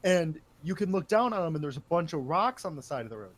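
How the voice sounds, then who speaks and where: A man's voice: fairly high pitch, lively intonation, fast. A young man telling a profane story to friends on a casual podcast, rambling and often laughing. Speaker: podcast host.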